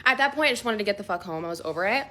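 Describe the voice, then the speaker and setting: A young woman telling a casual storytime vlog, chatty and animated, full of filler words, swearing and laughter. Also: medium pitch, very fast.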